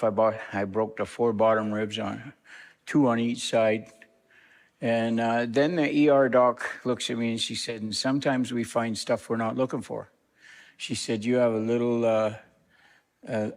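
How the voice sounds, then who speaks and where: A man who is a visiting minister, giving a plain-spoken personal testimony to a church congregation. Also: medium pitch. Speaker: guest minister. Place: church sanctuary. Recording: long church reverb.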